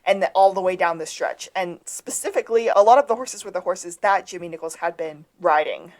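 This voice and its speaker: A woman's voice: on the low side, brisk, darkish tone. A woman co-hosting a podcast, casually recapping a TV episode and acting out quoted lines. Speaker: podcast co-host.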